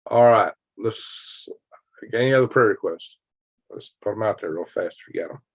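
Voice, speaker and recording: This is an older man, telling rambling stories on his own live stream and tossing in sound effects and little chuckles. His voice sits fairly low. The sound is dry and slightly muffled, like lo-fi home stream audio. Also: moderate pace, no room sound. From Alabama, US. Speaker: livestream host. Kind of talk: casual live-stream chat with viewers.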